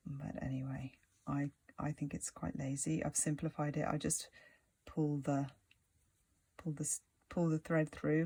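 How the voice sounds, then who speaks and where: Chatty crochet tutor with gravelly voice. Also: medium pitch, darkish tone, no room sound. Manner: rambling, chatty, many "like" fillers; mutters asides under the breath.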